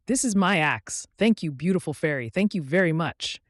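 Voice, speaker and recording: Humble storybook woodcutter, a man reading him, earnest, lively intonation, dry sound. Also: a little high, moderate pace, no echo, pitched above the performer's own voice, natural voice. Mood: joyful. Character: poor, honest grown male woodcutter.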